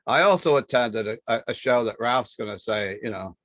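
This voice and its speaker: A man's voice: mid-range voice, lively intonation, normal speed, a bit bright, dry recording. A man hosting a casual panel chat, rambling and chatty with fillers and restarts. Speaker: podcast host.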